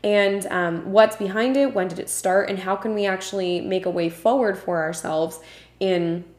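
A woman's voice: mid-range voice, normal speed, darkish tone. Earnest woman host in an echoey room. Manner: earnest, passionate, with frequent um and uh. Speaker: podcast host. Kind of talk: solo podcast talk. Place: home room with a puppy nearby. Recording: roomy echo.

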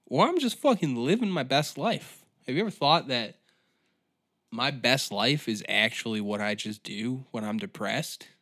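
A man's voice: mid-range voice, animated, normal speed, pushed and bright. A man hosting a comedy podcast, ranting in an exasperated, profane monologue. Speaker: podcast host.

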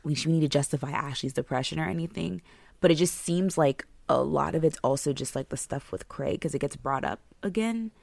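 A woman's voice: deep voice, fairly quick, gravelly, dry recording. A woman co-hosting a podcast in casual chat, recapping a TV show, chatty with lots of fillers. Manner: chatty, filler-heavy, laughs at herself. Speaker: podcast co-host.

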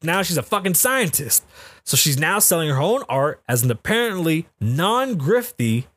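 A man's voice: fairly high pitch, big pitch swings, normal speed, a bit bright, dry recording. A middle-aged man hosting a podcast, talking in a blunt, ranting, heavily profane way, with a close podcast mic. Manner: blunt, ranting, heavy swearing. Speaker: podcast host. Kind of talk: casual profane commentary.

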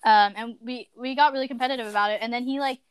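Brief: talkative teen girl, high smooth voice, dry close sound. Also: fairly even intonation, fast talker, dry recording. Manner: chatty, talks a lot, many fillers. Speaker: podcast co-host. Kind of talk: casual chat.

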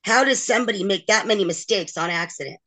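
A woman's voice: mid-range voice, fast talker, bright, forceful tone. A middle-aged woman, a guest in an interview, frankly and emotionally recounting a long personal ordeal. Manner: emotional, frank, acts out others' quoted words. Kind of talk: candid personal storytelling.

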